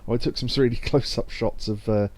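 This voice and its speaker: Mellow-voiced man streaming a game. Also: medium pitch, steady tone, normal speed. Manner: chatty, laughs often, reads game text aloud. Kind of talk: casual let's-play commentary.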